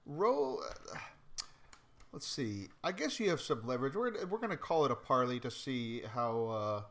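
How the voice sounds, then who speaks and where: A man running a tabletop game as game master, explaining rules in a relaxed way with many hesitations. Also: mid-range voice, normal speed.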